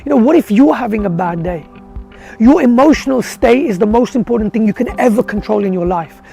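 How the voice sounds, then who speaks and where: High-pitched gravelly motivational man. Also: lively intonation, fairly quick, dark tone, soft background music. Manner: rhetorical questions, earnest and direct. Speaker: motivational speaker for dentists. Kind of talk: motivational talk with storytelling.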